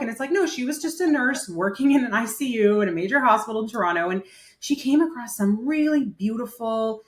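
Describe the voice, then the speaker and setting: A woman's voice: a little high, lively intonation, brisk. A woman in her thirties who works as a nurse coach, telling stories in a casual interview and using many "like" fillers. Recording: roomy echo.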